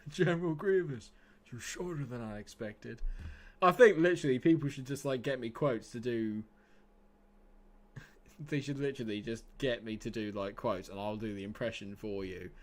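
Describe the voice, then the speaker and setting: A man streaming a football management game live, chatting excitedly and laughing often. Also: medium pitch, moderate pace. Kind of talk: casual live game commentary.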